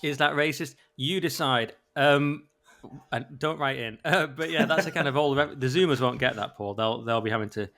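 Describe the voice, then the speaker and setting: A man's voice: medium pitch, moderate pace, sharp tone. A man hosting a casual political podcast, joking and self-deprecating as he rambles between topics. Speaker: podcast host.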